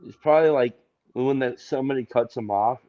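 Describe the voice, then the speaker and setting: A man's voice: mid-range voice, fairly quick, mellow. A man co-hosting a livestream, chatting casually in a joking, rambling way. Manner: joking, rambling, laughs often. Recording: muffled lo-fi audio.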